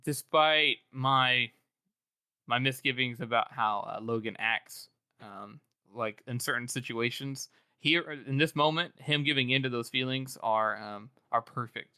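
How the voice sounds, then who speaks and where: A man's voice: mid-range voice, unhurried, bright, forceful tone, clean tone. A man co-hosting a podcast, chatting eagerly about a book with lots of restarts. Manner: enthusiastic, rambling with many restarts. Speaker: podcast co-host. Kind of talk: casual book discussion.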